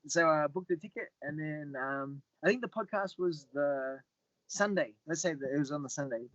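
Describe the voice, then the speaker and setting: A middle-aged man telling stories as a podcast guest, often repeating words and getting animated when he quotes other people. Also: fairly high pitch, moderate pace, dry recording, lo-fi sound. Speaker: guest, Muay Thai fighter. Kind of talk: casual storytelling interview.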